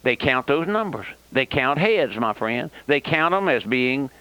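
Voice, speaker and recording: A man's voice: medium pitch, lively intonation, unhurried, clean tone, dry recording. An older man preaching a fiery radio sermon, with an impassioned, repetitive cadence and folksy asides. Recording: dull lo-fi old radio broadcast.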